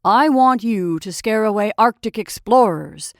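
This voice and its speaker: A woman voicing Santa Claus as a brisk, hearty old man in a storybook reading. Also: medium pitch, lively intonation, no room sound, clean studio sound. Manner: loud, hearty, hurried.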